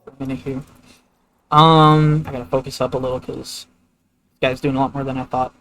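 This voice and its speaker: A man's voice: medium pitch, flat delivery, a little fast, fairly bright tone, low-quality recording. A man streaming a video game, telling a long story in a loose, rambling way with lots of filler words. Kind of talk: casual gameplay commentary.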